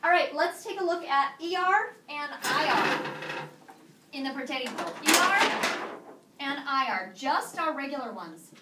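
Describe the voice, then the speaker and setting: A woman teaching a high school Spanish class, drilling students with call-and-response prompts in English and Spanish. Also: expressive, a little slow. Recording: echoey classroom from far off, faint noise.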